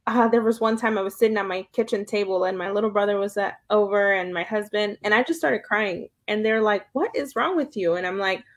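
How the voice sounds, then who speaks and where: A woman's voice: mid-range voice, little pitch movement, a little fast, hardly any pauses. A young woman hosting an interview, friendly and affirming, often backing up her guest. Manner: friendly, affirming, frequent backchannels. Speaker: interviewer, host. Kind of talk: conversational interview.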